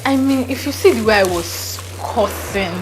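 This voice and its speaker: A woman telling a story in an animated, laughing way while cooking in her home kitchen. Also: fairly high pitch, moderate pace, music in the background, low-quality recording. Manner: animated, laughing, mixes in slang. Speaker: vlogger. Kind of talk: storytelling vlog. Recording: kitchen with loud frying sizzle.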